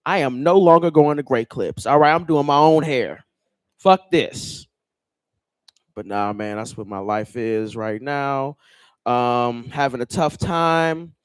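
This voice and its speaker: A man's voice: fairly high pitch, no room sound. A man doing a loose, joking stand-up set on a club stage, talking straight to the crowd. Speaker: stand-up comedian.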